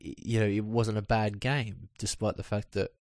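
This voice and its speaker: Man, low pitch, dry humour, casual football chat, dry close mic. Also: little pitch movement, moderate pace, a little mellow, dry recording. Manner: chatty, dry humour, many fillers. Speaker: podcast co-host.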